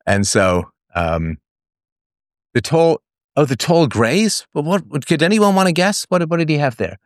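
A man's voice: fairly high pitch, expressive, measured pace, no room sound, clean studio sound. A man from England hosting a call-in show, talking casually with many fillers and restarts.

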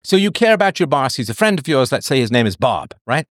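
A man's voice: medium pitch, sing-song, fast, no echo, clean studio sound. A man hosting a talk show, lecturing a caller emphatically and mocking excuses in quoted voices. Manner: emphatic, lecturing, mock-quoting others in a raised voice. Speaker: show host answering listeners. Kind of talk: emphatic monologue to a listener.

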